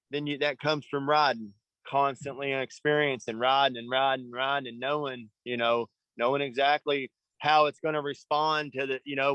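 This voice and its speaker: A man's voice: medium pitch, fairly bright tone, dry recording, highs cut off. A man coaching young motocross riders, talking in an earnest, rambling way and often asking "you know what I mean.". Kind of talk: casual coaching talk.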